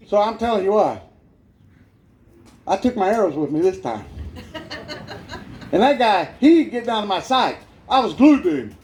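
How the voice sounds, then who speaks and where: A man tells a humorous story from his own life as a church testimony. He sounds animated, laughs along with his own tale, and his fairly high voice swings widely in pitch. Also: normal speed, long pauses. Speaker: guest speaker giving his testimony.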